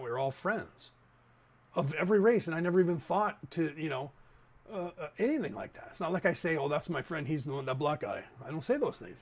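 Man, 50s, raised in the Bay Area; podcast host, loose rambling monologue, slightly raised pitch. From San Francisco Bay Area. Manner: rambling, talks straight to listeners with asides. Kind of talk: casual opinion monologue.

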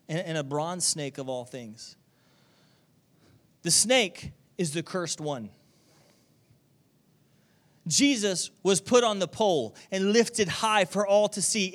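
A man with a high voice preaches a lively sermon. He checks in with his listeners all the time and breaks into acted-out voices and loud exclamations. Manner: animated, keeps asking "okay?" and "right?".

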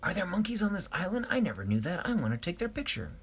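A man voicing an excited little girl, eager and breathless, in a told story. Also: high-pitched, fast, husky, voice pushed up, full character voice.

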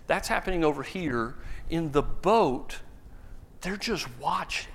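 This high-voiced pastor preaches slowly yet with real animation. His sermon story is humorous, and he gives the people in it playful voices.

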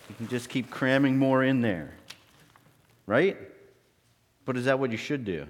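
A man's voice: medium pitch, unhurried, big-room sound. A man giving a children's object lesson, quizzing the kids in a friendly, teacherly way.

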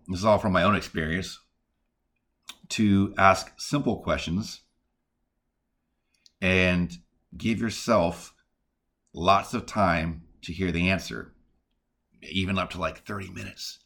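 A man's voice: sits low, slow pace, pauses often, fairly bright tone. A man hosting a podcast, teaching casually and earnestly on prayer and reading scripture in a conversational way. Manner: earnest, conversational, with many "like" and "all right" fillers.

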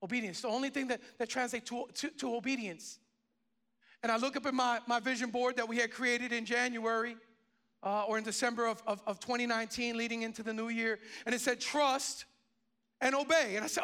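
A man in his forties preaching a sermon as pastor, telling a story with lively restarts and repeated words. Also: very high-pitched, fairly quick. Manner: animated storytelling with many restarts.

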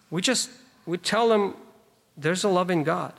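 In a large hall with long reverb, a man delivers a sermon, emphatically unpacking scripture verses while chatting aside to the congregation. His voice sits high and a bit bright, with vocal fry and a slightly slow pace.

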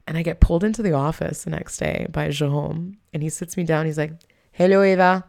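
Young woman comedian from Quebec, low voice, animated storyteller who acts out the characters. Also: fast talker, vocal fry. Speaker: comedian guest. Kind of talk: casual storytelling interview.

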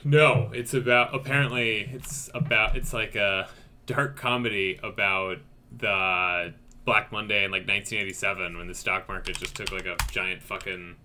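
A man's voice: fairly low pitch, fairly even intonation, normal speed, sharp tone, slight background noise. A man chatting casually on a podcast, laid-back and tossing out dry wisecracks. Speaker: podcast co-host.

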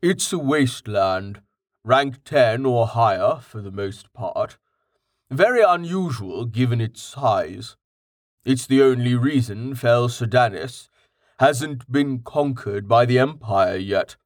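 Male narrator as patient, well-read companion, matter-of-fact, mid-pitched. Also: animated, slow pace, dry recording, clean studio sound. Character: patient man, well-read, calmly explaining.

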